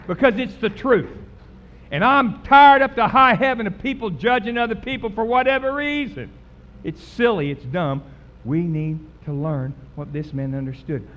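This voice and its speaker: A man preaching a sermon in a church, emphatic and folksy, repeating words for effect. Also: high voice. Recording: slightly dull recording with faint background noise.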